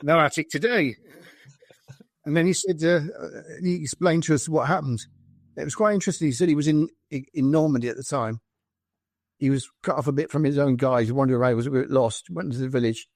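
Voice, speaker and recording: A British man, a former soldier and podcast guest, telling lively anecdotes full of quoted dialogue in a casual conversation. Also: fairly high pitch, fairly quick, no room sound, clean studio sound. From Britain. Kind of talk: conversational storytelling.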